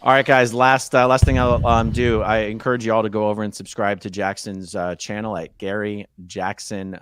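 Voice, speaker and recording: A man's voice: fairly low pitch, little pitch movement, normal speed, a bit bright, clean tone, no room sound. A man hosting a live interview show, polite and encouraging as he thanks his guest and closes out the stream. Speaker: host. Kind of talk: livestream interview chat.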